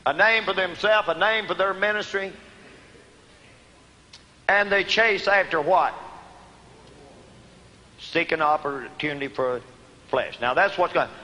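A man preaching a sermon, asking his listeners questions and answering them himself, swinging from emphatic outbursts to quiet, low asides. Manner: rising to emphatic shouts on key words, then dropping low. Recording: long hall reverb.

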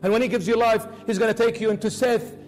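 A man preaching a sermon with passion, rising to urgent appeals and dropping to hushed pleading. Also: sits high, fairly even intonation, quick pace. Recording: faint music behind.

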